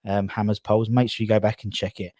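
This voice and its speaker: A man's voice: lowish voice, flat delivery, quick pace, darkish tone, no room sound, clean studio sound. A man from England hosting a casual live stream, rambling and out of breath as he reads out viewer comments. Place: garage.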